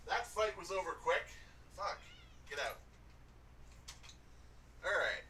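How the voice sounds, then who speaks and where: A man's voice: sits high, big pitch swings, slow, bright, forceful tone, a little hiss or hum. Rambling, foul-mouthed let's-play guy. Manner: rambling, profane, wry. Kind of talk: casual gameplay commentary.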